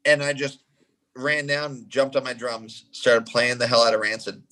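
Animated storytelling male drummer. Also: mid-range voice, normal speed, rough recording. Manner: animated, acts out conversations. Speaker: guest, drummer. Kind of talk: casual storytelling.

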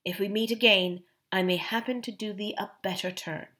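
A woman's voice: mid-range voice, fairly even intonation, normal speed, a bit bright, lightly acted. A woman reading an audiobook, voicing a grave, courteous adult king with formal, old-fashioned speech. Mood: solemn.

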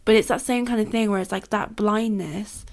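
A woman's voice: medium pitch, normal speed, darkish tone. Chatty woman full of "like"s. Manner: chatty, lots of "like" fillers, affirming. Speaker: podcast co-host. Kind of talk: faith-based conversational podcast.

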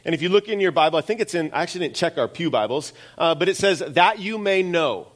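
A man's voice: fairly high pitch, expressive, racing. A middle-aged man preaching a sermon as pastor, in a conversational way with self-deprecating asides.

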